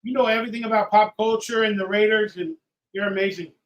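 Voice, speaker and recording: A tipsy man hosting a live watch-party stream, ranting and swearing, swinging from loud outbursts to low mutters. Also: fairly even intonation, fast, muffled recording. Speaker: livestream host. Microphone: headphones with mic.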